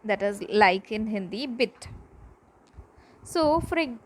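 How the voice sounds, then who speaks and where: A woman's voice: medium pitch, animated, slow, low-quality recording. A woman teacher, giving a pronunciation lesson and carefully repeating example words.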